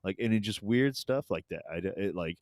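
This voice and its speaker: A man in his forties co-hosting a podcast in casual chat, low-key and hesitant, with many fillers. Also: expressive, brisk, a little mellow, a little hiss or hum. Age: 40s. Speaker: podcast co-host.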